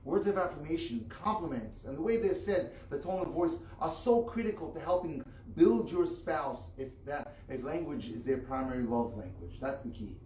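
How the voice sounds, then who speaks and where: A male rabbi giving an earnest, measured teaching on marriage, with pointed emphasis on key words. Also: a little high, animated, mellow, a little hiss or hum. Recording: echoey room, distant mic.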